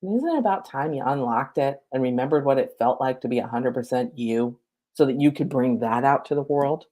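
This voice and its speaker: A middle-aged woman with a very deep, warm voice talks a little fast as she gives a live-streamed lesson from home as a spiritual coach. Speaking into her laptop mic, she's casual, chatty, and cheerfully profane.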